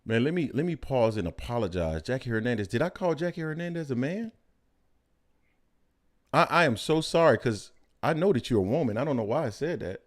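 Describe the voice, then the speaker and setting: A man hosting a boxing podcast in casual chat, joking loudly at times and dropping to calm analysis at others. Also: fast, hardly any pauses. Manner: excitable, swings from loud joking to low calm analysis. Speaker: podcast host.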